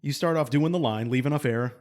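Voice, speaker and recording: A man's voice: mid-range voice, a little fast. Rambling, profane male podcast storyteller. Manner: rambling, profane, animated when quoting others. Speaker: podcast co-host. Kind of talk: casual storytelling chat.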